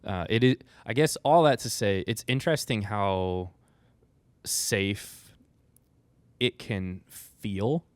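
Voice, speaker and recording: Deep voiced guy, slow and thoughtful, smooth clear sound on a podcast mic. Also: dry recording. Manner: thoughtful, halting, reflective. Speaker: podcast co-host. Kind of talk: casual reflective chat.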